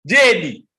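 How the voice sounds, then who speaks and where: A man's voice: very high-pitched, bright, forceful tone. A man with a Kenyan accent hosting a live stream, chatting casually and teasing his viewers. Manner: teasing, playful, bantering.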